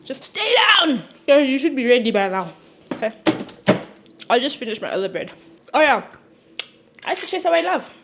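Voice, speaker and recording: A woman's voice: high voice, big pitch swings, moderate pace, pauses often, background noise. A young woman vlogger chatting frankly while she cooks and eats, swearing now and then, with sniffles and sudden emphatic bursts. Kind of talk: casual chat while cooking and eating. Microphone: clip-on mic.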